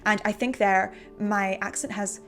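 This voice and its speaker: A woman's voice: medium pitch, steady tone, unhurried, a bit bright, faint music behind. A woman of twenty-five with a mixed English accent that has an Irish-sounding lilt, chatting earnestly and apologetically to camera at home. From England. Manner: earnest, apologetic, over-explaining. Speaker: YouTuber. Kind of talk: casual chat to camera.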